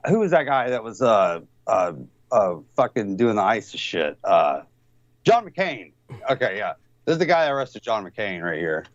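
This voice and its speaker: A man's voice: mid-range voice, dry recording. A man guest chatting casually, rambling with many fillers and swear words. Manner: rambling, hesitant, heavy swearing. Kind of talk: casual chat. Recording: dull dry lo-fi audio.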